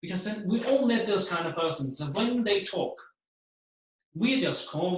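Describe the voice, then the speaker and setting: A man's voice: high-pitched, moderate pace. Man speaking in a very echoey room. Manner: animated, acts out the voices he describes. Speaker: motivational keynote speaker. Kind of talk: seminar talk to an audience.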